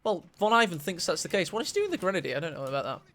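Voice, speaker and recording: A man casting a strategy game match, excitable and quick to gasp at big plays. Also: high-pitched. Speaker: esports caster. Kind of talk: live game commentary.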